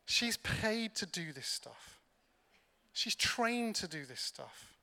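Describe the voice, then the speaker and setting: High, bright-voiced preacher. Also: male voice, big pitch swings, slow pace, vocal fry. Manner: humorous, self-deprecating storytelling. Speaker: pastor. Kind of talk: sermon. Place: large church hall. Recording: long hall reverb from a church.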